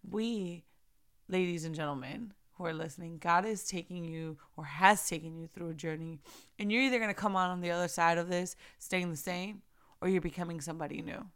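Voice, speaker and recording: A woman's voice: lowish voice, moderate pace, clean tone. A young woman hosting a casual faith podcast, chatty and earnest, repeating phrases and laughing often. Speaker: podcast host.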